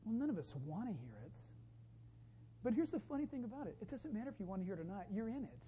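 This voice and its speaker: A woman pastor delivering a sermon, emphatic and building to loud exclamations. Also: medium pitch, sing-song, quick pace, highs cut off, slight background noise.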